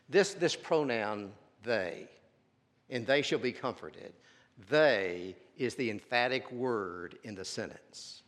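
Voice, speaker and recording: A man preaching a sermon, dropping to near-whispers and then rising to loud, drawn-out emphasis, with stammered repeats. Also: medium pitch. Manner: swings between soft hushed lines and loud emphatic stresses, stammering repeats. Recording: long hall reverb.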